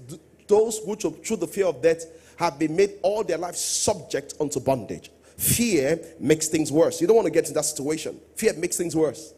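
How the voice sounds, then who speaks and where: A man's voice: fairly high pitch, warm tone, slightly rough. A middle-aged man, a pastor, preaching a sermon earnestly, quoting scripture and asking his listeners questions.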